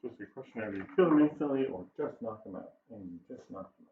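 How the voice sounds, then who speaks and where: Man, game master, casual relaxed delivery, roomy room sound, dull muffled audio, faint hiss. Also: medium pitch, fast. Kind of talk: running a tabletop game, casual. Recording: roomy, dull home recording with faint noise.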